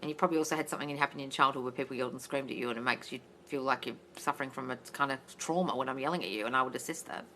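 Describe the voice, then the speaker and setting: An Australian woman, a mindset coach, answering viewer comments in a blunt, loud, sweary way during a casual live stream. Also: rumbling low, racing, hardly any pauses, slight background noise. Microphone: phone livestream.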